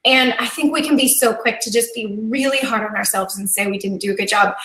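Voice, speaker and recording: Woman in her thirties, casual live chat host, fairly high voice, earnest and chatty, echoey room. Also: a little fast, sharp tone. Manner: chatty and earnest, gets teary, laughs easily.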